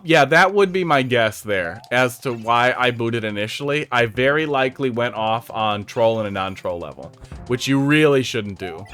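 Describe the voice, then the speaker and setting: His mid-range voice sounds pushed and bright as he casually reviews fan-made game levels on stream. Over faint game music, he's sarcastic, jokey and talkative.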